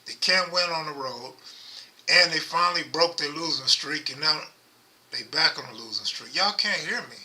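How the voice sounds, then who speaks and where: A middle-aged man hosting a casual livestream, talking low and rambling close to his microphone. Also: moderate pace, bright, forceful tone. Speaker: livestream host. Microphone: microphone held close.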